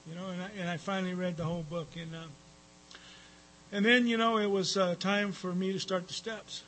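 Man speaker at a recovery meeting, high bright voice, rambling storytelling with fillers and cussing. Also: fairly even intonation, fairly quick, a little hiss or hum, low-quality recording. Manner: rambling, with frequent fillers and profanity. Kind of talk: personal storytelling talk.

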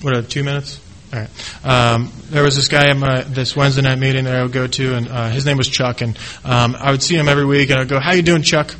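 Earnest, halting man with a bright voice. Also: mid-range voice, little pitch movement, poor audio. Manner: earnest and halting, with many restarts. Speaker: speaker sharing his recovery story. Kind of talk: personal testimony speech.

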